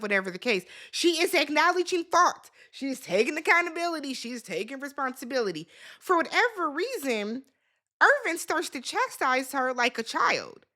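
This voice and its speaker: A woman's voice: high-pitched, big pitch swings, normal speed, bright, forceful tone. A woman hosting a reality TV recap, talking in a casual, sassy, opinionated way straight to her viewers.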